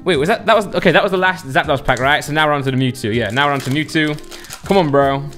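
A man's voice: on the high side, fairly bright tone, faint music behind. A man chatting casually to viewers as he opens card packs, joking and reading out card names. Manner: chatty and jokey, reads card names quickly. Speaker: card collector opening packs. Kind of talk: casual unboxing commentary.

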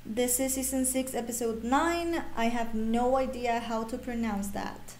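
A woman's voice: fairly high pitch, fairly even intonation, unhurried, darkish tone, a little hiss or hum. A woman hosting a reaction video, chatting casually, laughing often and exclaiming at what she watches. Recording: echoey room with music playing behind.

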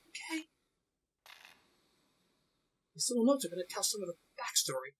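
A woman hosting a horror game let's play, jumpy and excitable, talking to herself with yelps and nervous laughs. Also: on the high side, fairly quick, pauses often, slight background noise, low-quality recording. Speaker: gaming channel host.

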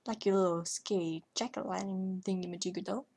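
A young woman vlogger talking over her gameplay in a hyper, rambling way, trailing off and stuttering as she goes. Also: mid-range voice. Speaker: gaming vlogger. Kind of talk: casual commentary over gameplay.

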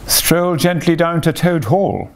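A man's voice: on the low side, moderate pace, darkish tone, natural voice. A man voicing a sensible, earnest male water rat who speaks emphatically in a read-aloud storybook. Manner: emphatic, impressive.

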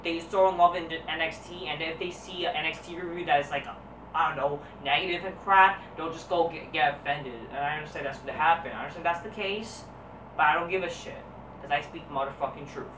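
A woman's voice: low voice, fast talker, noisy background. A woman reviewing wrestling as a vlogger, ranting crudely with constant swearing and a dismissive, combative manner. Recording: roomy echo, voice distant from mic.

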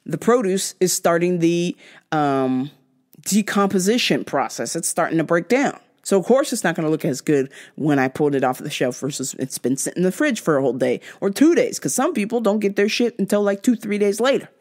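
A woman host, animated and profane, swinging her pitch widely. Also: a little fast. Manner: profane, exasperated storytelling; animated, mimics others in high-pitched voices. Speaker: podcast host. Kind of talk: ranting storytime.

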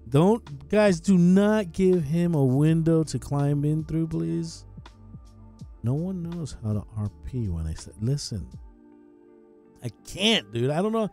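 A man with a fairly high-pitched voice chats casually on a gaming live stream. He's excitable, swears, and calls everyone "dude."

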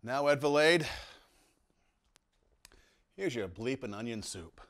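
A man's voice: mid-range voice, expressive, slow, fairly bright tone. Home cook host, middle-aged man, enthusiastic and chatty in his kitchen, savoring the food aloud. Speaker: home cooking show host. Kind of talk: casual cooking demonstration.

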